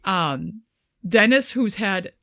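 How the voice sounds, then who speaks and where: A woman, co-hosting a podcast and telling animated, profane stories full of acted-out quotes. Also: mid-range voice, takes it slowly, no room sound, studio quality. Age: 50s. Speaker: podcast co-host. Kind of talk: casual chat.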